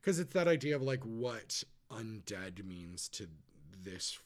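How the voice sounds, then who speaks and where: A man's voice: lowish voice, big pitch swings. Chatty man on a podcast. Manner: chatty, filler-heavy, quick asides. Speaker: podcast co-host. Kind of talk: casual chat.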